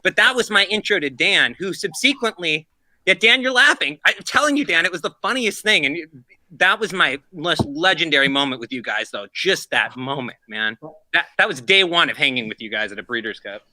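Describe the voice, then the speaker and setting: Animated high-voiced man telling stories. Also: fairly quick. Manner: animated storyteller, acts out shouts and laughs a lot. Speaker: podcast co-host. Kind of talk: casual chat telling funny stories.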